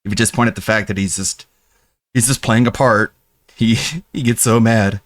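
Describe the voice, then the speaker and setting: A man's voice: lowish voice, steady tone, normal speed, no echo. A man casually mocking another streamer while commenting.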